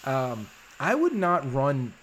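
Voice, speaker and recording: A man chatting casually on a podcast, animated and quick to jump in, with mild swearing. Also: mid-range voice, slight background noise. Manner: animated, talks over himself with restarts and mild swearing. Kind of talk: casual chat.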